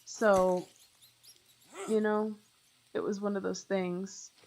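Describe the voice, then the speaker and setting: A woman's voice: mid-range voice, level tone, slow, a little mellow, low-quality recording. A young woman live streaming a game, rambling chattily with lots of fillers and talking straight to her viewers. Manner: talks to chat viewers directly. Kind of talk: casual chat while playing.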